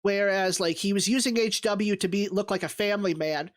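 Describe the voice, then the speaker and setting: Thoughtful podcast co-host, halting speech. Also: mid-range voice. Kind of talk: casual film discussion.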